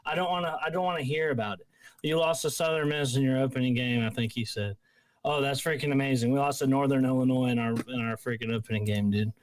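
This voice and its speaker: A man's voice: medium pitch, fairly even intonation, quick pace, dry recording. A man ranting heatedly on a livestream, profane and rambling with lots of restarts. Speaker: guest panelist.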